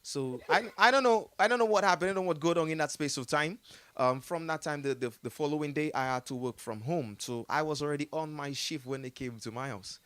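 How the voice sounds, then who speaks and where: A man's voice: on the high side, fairly quick, a bit bright, no echo. A man with a Jamaican accent telling a story in a casual interview, rambling with many fillers and frequent laughter. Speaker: artist telling his story as a guest.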